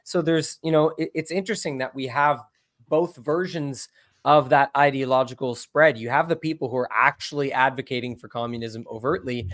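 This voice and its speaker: A man co-hosting a casual political talk stream, explaining in a measured way. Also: fairly high pitch, no echo, clean studio sound. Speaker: co-host.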